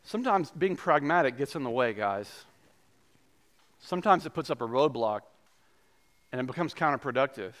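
Animated male pastor preaching. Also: medium pitch, normal speed, long pauses. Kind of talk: sermon.

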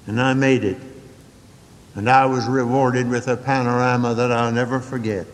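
An older man preaching a sermon, telling folksy stories with dramatic swings from quick asides to slow, drawn-out emphasis. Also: in a large hall. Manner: folksy storytelling with dramatic swings in pitch and pace.

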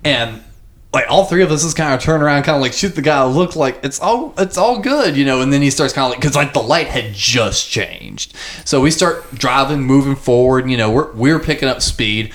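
A man's voice: mid-range voice, fairly quick, a bit bright. A man telling a story in a casual chat, acting out the people he quotes.

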